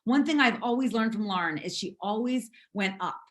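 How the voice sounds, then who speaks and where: A hoarse woman leading a motivational team call, emphatic and repetitive as she urges her team on. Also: mid-range voice, normal speed. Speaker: network marketing team leader.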